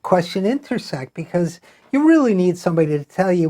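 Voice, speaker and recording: A man's voice: sits high, sing-song, fairly quick, mellow. A middle-aged man hosting an interview, musing aloud with frequent restarts and fillers. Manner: rambling, thinks aloud with many restarts and fillers. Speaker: show host. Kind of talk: conversational interview.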